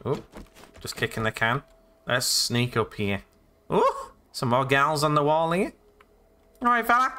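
A man's voice: medium pitch, animated, unhurried, bright, forceful tone, slight background noise. A man doing jokey, rambling let's-play commentary with sudden exclamations as he plays. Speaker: gaming let's-play host. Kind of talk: casual gameplay commentary.

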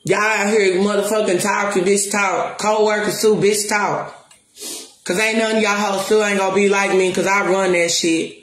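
A woman's voice: medium pitch, level tone, normal speed. A woman ranting straight to the camera as a spiritual counselor, profane and defiant, pressing her points again and again. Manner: profane, defiant, repeats and stresses her words. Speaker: spiritual counselor and music promoter. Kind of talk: confrontational rant to the camera. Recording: roomy echo.

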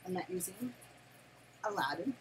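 An older woman and grandmother chatting casually through an unboxing, gushing and excitable, laughing often and squealing with delight at home. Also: fairly low pitch, moderate pace, noisy background. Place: home, near her desk.

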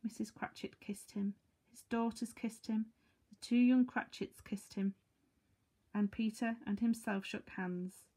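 A woman reading a classic novel aloud in a plain, measured way, with small slips. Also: fairly high pitch, fairly even intonation, dark tone, breathy edge. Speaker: reader.

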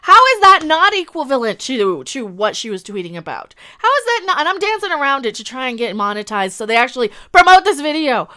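A woman's voice: high-pitched, big pitch swings, brisk, few pauses, sharp tone. A woman ranting angrily in a commentary video, repeating herself and swearing constantly. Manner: angry, exasperated ranting with heavy swearing and repetition. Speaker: YouTube commentator.

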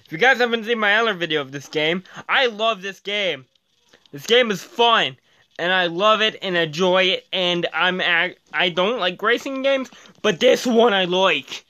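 A man from Canada hosting his own gaming channel, giving excitable let's-play commentary and shouting at the game as he races. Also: high-pitched, normal speed.

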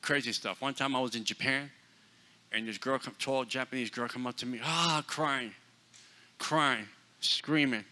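A man preaching a sermon in a church, blunt and forceful, dropping to hushed asides and then booming out. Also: a little fast. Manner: forceful, blunt, swings between loud and hushed. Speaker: guest preacher.

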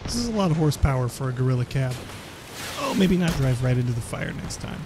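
A man giving excitable, chatty commentary over his own gameplay, exclaiming often. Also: medium pitch, fast, background noise. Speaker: gaming YouTuber. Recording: game gunfire behind voice. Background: game gunfire and explosions.

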